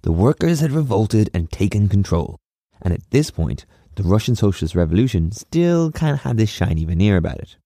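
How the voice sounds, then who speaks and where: A man hosts a history podcast in a low, mellow voice, and the recording is close and completely dry. He reads from a script but keeps it casual and wry, dropping in sarcastic asides. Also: big pitch swings, brisk, no echo. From Ireland.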